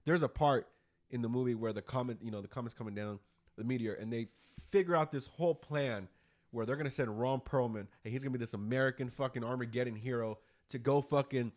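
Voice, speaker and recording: A man's voice: mid-range voice, fast. A man hosting a casual podcast, retelling a movie in a rambling, profane way. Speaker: podcast host. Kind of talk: casual chat.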